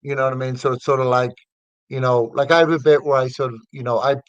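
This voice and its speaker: A middle-aged man from the north of Ireland speaks with a Northern Irish accent, easy and conversational, circling his points with fillers and false starts. His pitch sits in an ordinary middle range. The sound is dry and close, with no room around it. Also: steady tone, quick pace, dry recording, muffled recording. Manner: rambling, with many fillers and restarts. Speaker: comedian guest. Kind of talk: casual interview chat.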